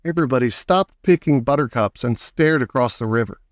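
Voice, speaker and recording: A man reading a children's story aloud in a lively, expressive way. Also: medium pitch, brisk, no echo, studio quality. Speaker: audiobook reader.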